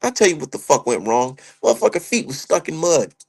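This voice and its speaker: Brief: young man, gravelly voice, sits a little high, heated profane rant, streamer commentary. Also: fairly quick. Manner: heated, profane, animated, slangy. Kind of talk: ranting casual commentary.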